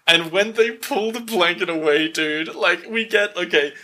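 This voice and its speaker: A man's voice: high-pitched, normal speed, pushed and bright. A man co-hosting a podcast, casually recapping a horror film with lots of laughing, swearing and acted-out quotes. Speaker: podcast co-host.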